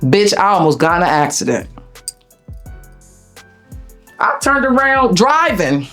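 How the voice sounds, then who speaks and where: Blunt, animated woman telling a hard story. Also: fairly low pitch, moderate pace, faint music behind. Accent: Delaware. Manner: blunt, profane, animated storytelling with quoted voices. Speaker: interview guest. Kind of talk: emotional storytelling.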